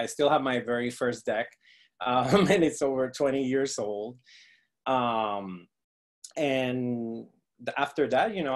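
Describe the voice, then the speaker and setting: Man in his thirties, guest, video call, laughs often, hesitant. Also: medium pitch. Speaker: guest tarot reader. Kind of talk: casual video chat.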